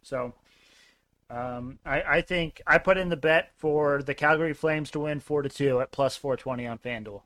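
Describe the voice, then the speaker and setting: A man with a slightly higher voice co-hosts a casual sports podcast. He talks in a laid-back way, pausing often on ums and uhs as he works through his picks. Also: fairly bright tone. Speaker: podcast co-host. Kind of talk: casual sports betting chat.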